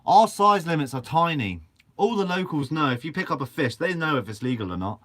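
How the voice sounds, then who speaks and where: A man's voice: a little high, lively intonation, brisk, fairly bright tone. A young man from Guernsey, hosting a fishing channel and answering live chat in a chatty, upbeat way with casual swearing. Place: shed.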